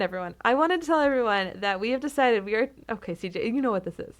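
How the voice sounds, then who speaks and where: A woman's voice: on the high side, lively intonation, fast, few pauses. A young adult woman co-hosting a podcast in casual chat, blunt and teasing, swearing casually. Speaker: podcast co-host.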